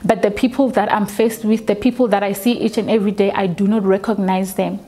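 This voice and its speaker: Young woman telling her story, slow and halting, keeps restarting. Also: medium pitch, fairly even intonation, warm tone. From South Africa. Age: 20s. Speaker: documentary interviewee. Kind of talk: personal testimony.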